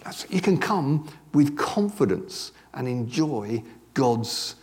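A man preaching a sermon in a conversational, animated way, dropping joking asides to a congregation that answers back. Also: medium pitch, slow pace. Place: church service with congregation responding.

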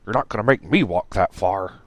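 A man's voice: on the low side, lively intonation, a little fast, no room sound. Guy doing a lazy stubborn dude, sulky, voice sounds a bit different from the narrator, dry. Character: lazy, stubborn young man who loves food.

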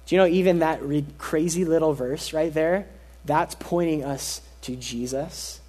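A man preaching a sermon as pastor, earnest and emphatic, repeating key phrases and dropping his voice soft for stress. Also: fairly high pitch, a little slow.

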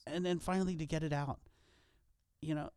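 A man's voice: on the high side, fairly even intonation, brisk, a little mellow, smooth, no room sound, clean studio sound. A man co-hosting a podcast, talking earnestly in a casual motivational way with wry self-deprecating jokes. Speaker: podcast co-host.

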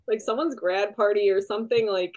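A woman's voice: mid-range voice, darkish tone. Chatty young woman podcast co-host. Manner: chatty, quick reactions, laughing. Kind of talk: casual chat.

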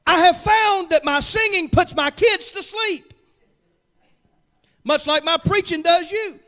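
A pastor preaching a sermon in a church. He drops to quiet, joking asides and then builds to shouted, fervent peaks. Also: very high voice, takes it slowly.

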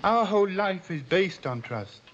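An actor playing a calm, solemn male alien in a 1960s TV drama, speaking in a measured, formal way, from a muffled old television recording. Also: sits high, a little hiss or hum. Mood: earnest.

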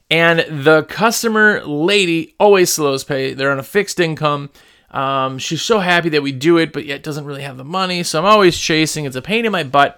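A man who runs a small business, telling stories in a casual, rambling, animated way with lots of fillers and restarts. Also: a little high, creaky, smooth. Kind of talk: casual storytelling.

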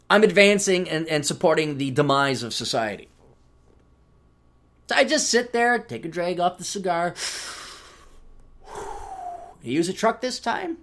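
A man's voice: sits high, a bit bright. A man hosting a solo podcast, ranting in a sardonic, profane way and slipping into mocking voices for quoted asides. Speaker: podcast host.

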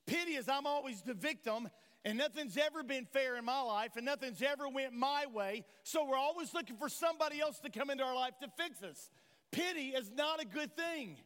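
A Tennessee pastor with a notably high, slightly bright male voice gives an expressive, brisk, impassioned sermon in a church sanctuary, repeatedly engaging the congregation with questions. Long hall reverb fills the recording.

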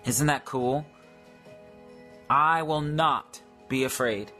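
A man's voice: medium pitch, slow, pushed and bright, soft background music. A man preaching in a live-stream devotional, repeating declarations for listeners to say after him.

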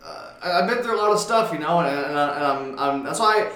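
Young guy rambling on his podcast, kinda high voice, gets worked up, echoey room. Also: animated, brisk. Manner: rambling, gets loud and worked up when riled. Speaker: podcast host. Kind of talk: casual chat.

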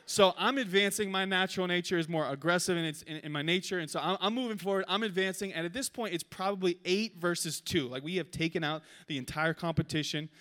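A man preaching a sermon, telling a funny story with animated delivery before he turns to the lesson. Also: high-pitched, quick pace, few pauses. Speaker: pastor.

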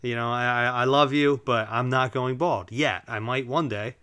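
A man's voice: mid-range voice, steady tone, normal speed, fairly bright tone, smooth, dry recording. A man hosting his own solo podcast at home, chatting casually in a rambling way with lots of fillers and jokey asides to his listeners. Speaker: podcast host. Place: at home, relaxed, drinking while recording.

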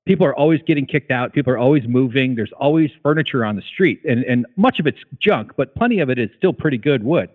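A man's voice: medium pitch, animated, fast talker, few pauses. A man chatting casually as a guest, rambling with lots of fillers and restarts, a little out of breath. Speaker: guest caller. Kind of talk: casual chat. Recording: tinny phone line.

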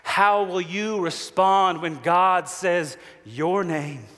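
A man preaching a sermon as a pastor, measured and slow with long pauses, falling to a hushed voice for quoted promises. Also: high-pitched. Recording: long hall reverb.

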